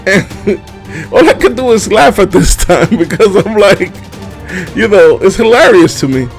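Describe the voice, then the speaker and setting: A man from the Dominican Republic telling a comedic childhood story, animated and laughing often with casual fillers. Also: high voice, unhurried, vocal fry, music in the background.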